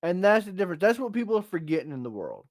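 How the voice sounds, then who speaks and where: A man's voice: high voice, very animated, rapid-fire, darkish tone, no echo, clean studio sound. A man co-hosting a podcast, talking in a blunt, emphatic and profane way as he rants about tough love. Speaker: podcast co-host. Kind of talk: casual opinionated podcast chat.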